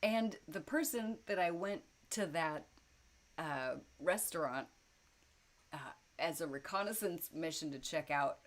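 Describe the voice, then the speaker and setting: A woman's voice: sits low, a little slow. A woman telling a personal story to camera in a casual, rambling way, with many fillers and frequent laughs. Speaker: vlogger telling personal stories. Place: indoors at home, lit by light bulbs.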